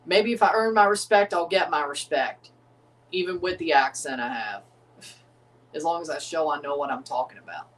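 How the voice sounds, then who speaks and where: A man's voice: fairly high pitch, moderate pace, fairly bright tone, distant mic. Rambling man, mic set back. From United States. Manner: rambling, chuckling, casual drawl. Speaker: streamer reacting to a match. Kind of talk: live watchalong commentary.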